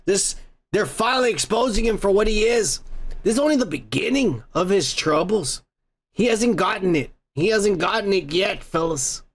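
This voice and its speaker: Brief: tipsy male podcast host, profane rambling rant, gravelly voice, slow delivery. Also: sits high, a bit bright. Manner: laughs often, swears, rambling. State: tipsy from beer.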